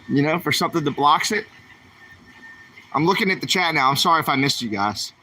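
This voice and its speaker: Here's a male vlogger doing a shopping livestream, wandering the aisles while he chats and asks his audience questions. His voice runs slightly high, with a bright, forceful tone.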